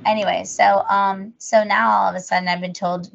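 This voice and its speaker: A woman's voice: medium pitch, flat delivery, normal speed, creaky, hardly any pauses. A woman co-hosting a podcast, chatting casually in a rambling, jokey way. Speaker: podcast co-host. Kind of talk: casual chat. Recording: muffled lo-fi audio.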